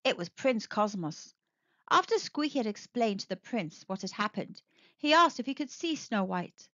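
A woman reading a children's storybook aloud, expressive and animated. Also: mid-range voice, normal speed, dry recording, lo-fi sound.

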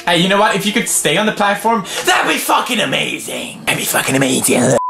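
A young man in his twenties with a Swedish accent, commentating a game while swearing, muttering low and yelling high. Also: sing-song, brisk, gravelly, reverberant, over music. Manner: loud, swearing, swinging between low mutters and high yells. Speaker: gaming video host. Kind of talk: gameplay commentary.

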